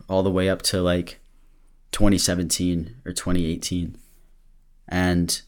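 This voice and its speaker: A young man hosting a podcast, giving a rambling, earnest motivational talk and a little out of breath, with restarts and the odd swear word. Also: deep voice. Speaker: podcast host.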